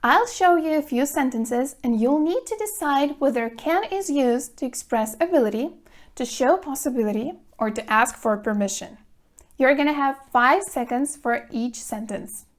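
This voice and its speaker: A woman teaching an English grammar lesson to camera, speaking clearly and deliberately, stressing words to show pronunciation. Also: high-pitched, lively intonation. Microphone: phone camera.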